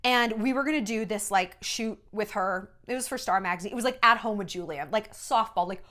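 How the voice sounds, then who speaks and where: A woman's voice: medium pitch, brisk, pushed and bright. A woman in her thirties, a former entertainment journalist, telling stories in a casual, sarcastic and profane rant. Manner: sarcastic, profane, mimics people in exaggerated voices.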